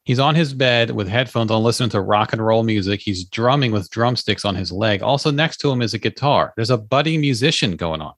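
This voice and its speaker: A man's voice: fairly low pitch, a little fast, few pauses, a bit bright, no echo, studio quality. Laughing man hosting a podcast. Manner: laughing, storytelling, doing bits. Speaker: podcast host. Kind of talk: casual chat.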